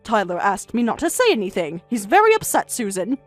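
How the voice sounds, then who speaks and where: Woman reading a steady, firm older grandmother. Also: mid-range voice, a little fast, soft background music. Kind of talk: story narration with dialogue.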